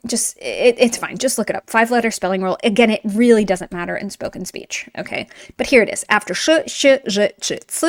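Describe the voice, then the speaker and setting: A woman teaching a grammar lesson in a lively, chatty way, with playful asides and frequent teacherly check-ins. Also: medium pitch. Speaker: Russian language teacher.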